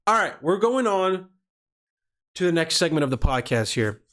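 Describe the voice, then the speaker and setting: A man's voice: a little high, very animated, moderate pace, a bit bright. A man hosting a comedy podcast, talking casually in a rambling, profane way and often stumbling over his words. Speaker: podcast host.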